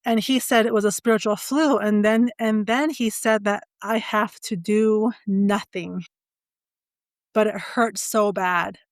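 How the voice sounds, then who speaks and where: A middle-aged woman telling a personal story as a podcast guest, halting often with stutters and fillers like "you know" and "like". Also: mid-range voice, steady tone, no room sound.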